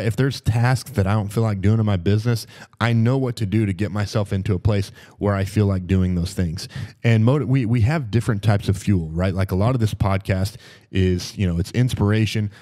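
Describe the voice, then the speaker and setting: Low-voiced man, emphatic and mellow. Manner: emphatic, repeats phrases for stress. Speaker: podcast co-host. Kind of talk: motivational podcast talk.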